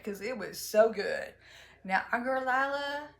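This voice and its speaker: A woman hosting her own show, chatting excitedly through a romance book review and acting out the characters' lines. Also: a little high, unhurried, gravelly. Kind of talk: casual book review monologue.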